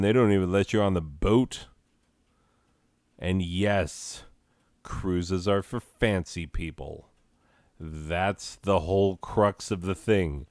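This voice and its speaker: A man's voice: low voice, slow pace, darkish tone, smooth, no room sound, clean studio sound. A man hosting a small comedy channel, chatting to himself in a self-mocking, rambling way.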